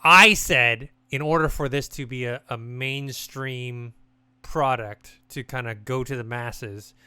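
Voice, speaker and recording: A man co-hosting a games podcast in casual chat, talking in a relaxed, rambling way with many restarts. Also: mid-range voice, takes it slowly, smooth, dry recording. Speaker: podcast co-host.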